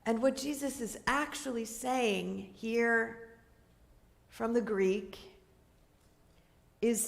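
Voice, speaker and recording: A woman pastor preaches in an unhurried, chatty way, often checking in with her listeners. Her voice sits at an ordinary mid pitch, and she is speaking in a church sanctuary. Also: gravelly. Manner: conversational, asks the listeners questions, light laughter. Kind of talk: sermon.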